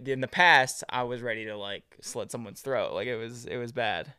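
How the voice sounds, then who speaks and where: A young man, a podcast guest, telling stories in casual chat, animated, swearing and laughing often. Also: medium pitch, moderate pace, clear, resonant tone, no echo, studio quality.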